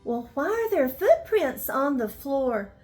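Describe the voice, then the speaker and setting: A woman voicing a middle-sized mommy bear who speaks softly and exclaims her lines for a bedtime story. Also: high voice, sing-song, slow pace, soft background music, full character voice. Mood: puzzled. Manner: soft, exclaiming.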